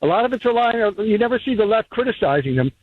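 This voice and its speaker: A man's voice: sits high, expressive, fast talker, no room sound. A man from Rhode Island calling in to a radio show, rambling through his points with restarts. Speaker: caller. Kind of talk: call-in radio talk. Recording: tinny phone line.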